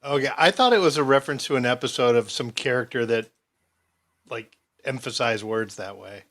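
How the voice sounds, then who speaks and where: A man co-hosting a live-stream chat, curious and quick to laugh. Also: mid-range voice, fairly bright tone.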